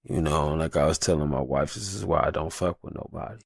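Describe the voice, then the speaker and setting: A man's voice: extremely low pitch, fairly quick, gravelly, no room sound, clean studio sound. A young adult man hosting a solo podcast, talking in a heated, passionate and profane way. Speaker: podcast host.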